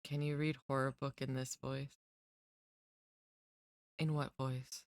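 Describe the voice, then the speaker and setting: A woman's voice: very deep voice, little pitch movement, slow pace, dry recording, studio quality. A woman streamer chatting casually with her viewers, rambling and giggling at herself. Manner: giggly, rambling, self-deprecating.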